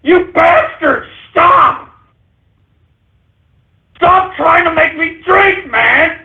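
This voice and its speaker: A man voicing a frantic, short-tempered male radio sidekick in a whiny, shouting rant. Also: very high-pitched, extremely slow, creaky, exaggerated voice. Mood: pleading. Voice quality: whiny, shouting, exasperated ranting. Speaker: radio show regular. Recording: tinny phone-like audio.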